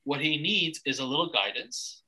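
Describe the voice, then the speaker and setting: A man's voice: fairly high pitch, animated, moderate pace, pushed and bright, low-quality recording. A young man from Canada hosting a casual podcast chat, blunt and rambling, swearing freely with lots of restarts. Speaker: podcast host.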